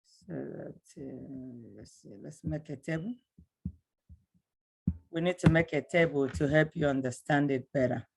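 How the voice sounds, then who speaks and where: A middle-aged woman teaching a language lesson, slowly and patiently repeating words for her learners. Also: sits low, gravelly, a little mellow, slightly rough.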